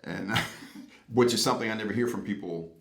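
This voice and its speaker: Gravelly low man. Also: fairly quick. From Boston, USA. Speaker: interviewee. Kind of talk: reflective interview talk.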